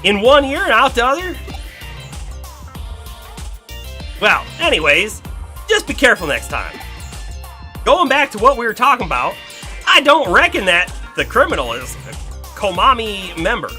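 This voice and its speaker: Brief: man doing a gossipy young country girl, high and bright, folksy drawl. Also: huge pitch swings, moderate pace, faint music behind, full character voice. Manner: folksy drawl, double negatives. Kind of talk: reading game dialogue aloud.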